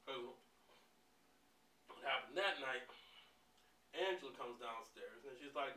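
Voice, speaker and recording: A man in a casual storytime vlog, telling a story in an animated, profane way and often breaking into laughs. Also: mid-range voice, slow pace, slight background noise. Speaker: vlogger. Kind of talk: casual storytime while eating. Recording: roomy sound, mic at a distance.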